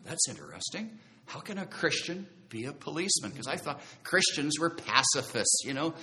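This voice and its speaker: A man's voice: on the high side, lively intonation, moderate pace, bright, forceful tone. A man preaching a sermon, telling his own conversion story in an earnest, conversational way and drawing out key phrases for emphasis. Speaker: preacher giving his testimony.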